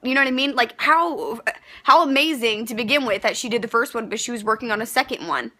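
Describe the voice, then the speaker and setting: A young woman with a high, bright voice vents to her camera in a casual rant. She is pregnant and talks heatedly and bluntly, swearing freely and tripping over fillers and restarts. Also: fast talker. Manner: heated, frank and profane, with many fillers and restarts. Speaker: vlogger.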